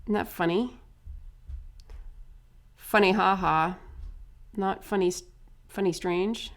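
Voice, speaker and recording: A woman demonstrates face painting in a relaxed, chatty tutorial. She sounds upbeat and amused with herself, tossing in asides and quick checks with the viewer. Her voice sits at an ordinary middle pitch. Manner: chatty, upbeat, self-amused, many asides and tag questions.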